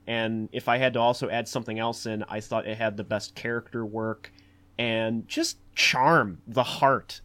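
A man leads a relaxed film discussion in an ordinary, mid-range voice. He rambles through fillers and restarts, then turns animated. His delivery is loose and conversational. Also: mid-range voice. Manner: animated, acts out quotes in a raised voice. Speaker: podcast host.

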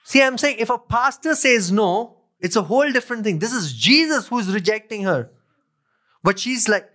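A male pastor with a high-pitched, fairly bright voice preaches at a normal speed, his intonation lively. He reads scripture aloud, returns to key phrases, and questions the people listening.

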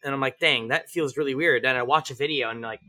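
A man as a podcast guest, telling stories animatedly, swearing freely and acting out shouted range commands. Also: medium pitch, fast. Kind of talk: casual interview chat.

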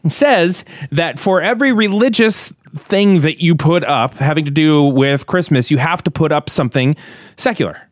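A man's voice: on the high side, moderate pace, no echo, clean studio sound. A man hosting a podcast, telling news stories in a casual, joking way and slipping into silly voices. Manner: animated storyteller, jumping into silly voices. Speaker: podcast host. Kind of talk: casual comedic news chat.

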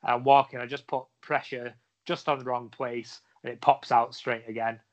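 On a podcast, a wrestler tells a long, rambling story full of fillers and restarts. His voice sits in the mid range, delivered flatly at a moderate pace. The audio is dull and lo-fi.

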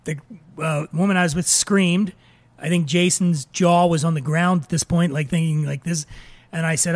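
A man hosting a podcast, telling an animated story in casual chat with a lot of swearing. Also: a little high, moderate pace. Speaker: podcast host.

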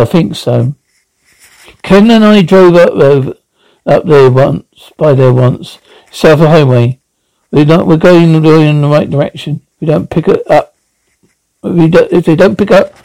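A man reading out an audio drama, speaking every part and reading the sound cues flatly. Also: fairly high pitch, creaky, no echo, low-quality recording.

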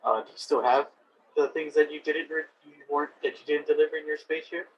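A man playing a tabletop role-playing game, speaking bluntly and gruffly as his character. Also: fairly high pitch, steady tone, fast talker. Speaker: player. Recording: dull lo-fi audio, faint noise.

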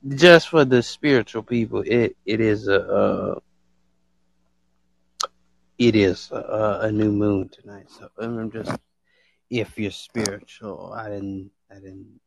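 A man hosting a casual live stream, excitable and slangy, laughing a lot. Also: fairly low pitch, takes it slowly, creaky, no echo.

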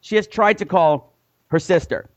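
A man's voice: high voice, moderate pace, muffled recording. A man co-hosting a casual film podcast, recapping the plot and dropping dry, wry jokes. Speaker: podcast co-host. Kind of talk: casual movie discussion.

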